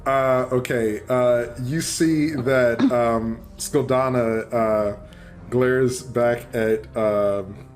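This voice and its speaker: A man running a tabletop game as dungeon master, narrating with many pauses and fillers. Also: mid-range voice, steady tone, faint music behind. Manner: hesitant, full of fillers.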